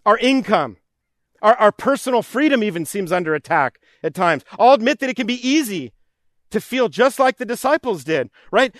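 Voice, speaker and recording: Male pastor, high light voice, earnest repetitive sermon delivery, dry recording. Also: animated, moderate pace, fairly bright tone, no room sound. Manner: earnest, repetitive preaching cadence, voicing pleading prayers.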